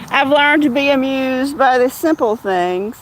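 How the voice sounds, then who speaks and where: A woman with a high voice chats casually on a livestream. She talks outdoors in the evening, holding a phone as she walks, and calls out to cats in an even higher coo. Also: slight background noise. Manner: chatty, coos high at cats. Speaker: livestream host.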